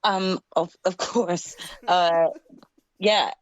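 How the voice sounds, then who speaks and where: A woman's voice: fairly low pitch, steady tone, drawn-out words. A woman co-hosting a podcast, chatting casually with a hesitant, playful manner. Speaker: podcast co-host. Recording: dry, dull lo-fi sound.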